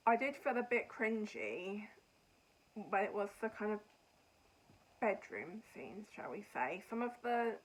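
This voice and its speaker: Woman podcast host, casual and meandering, plain middle pitch, gives frank opinions. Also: expressive, a little slow, pauses often, poor audio. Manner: rambling, chatty, frank opinions. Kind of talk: casual chat reviewing books and TV.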